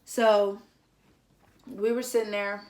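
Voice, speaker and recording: A young woman vlogger tells a story slowly in a medium-pitched voice, chatty and slangy, packed with "like." She's animated and acts out other people's lines in this casual storytelling.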